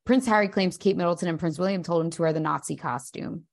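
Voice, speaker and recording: A woman co-hosting a gossip podcast, her voice low with a gravelly fry. She recaps the stories in a dry, matter-of-fact manner. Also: quick pace. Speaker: podcast co-host. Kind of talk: casual gossip chat.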